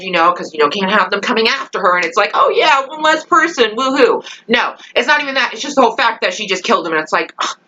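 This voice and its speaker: A woman's voice: fairly low pitch, sharp tone, dull audio. A young woman ranting in a casual vlog, exasperated and rambling, full of fillers and swearing. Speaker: vlogger reacting to a TV episode.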